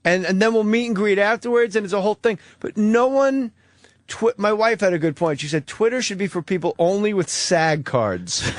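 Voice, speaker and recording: A man's voice: high voice, normal speed, dry recording, studio quality. A man, a guest comedian, telling profane stories in casual radio chat and acting out other people's lines. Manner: animated, profane storytelling, acts out quoted voices.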